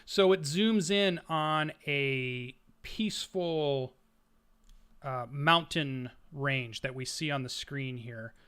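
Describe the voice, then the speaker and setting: A man's voice: on the high side, slow pace, fairly bright tone, smooth. A man narrating a tabletop role-playing game as game master, setting scenes like camera shots, with frequent fillers and restarts.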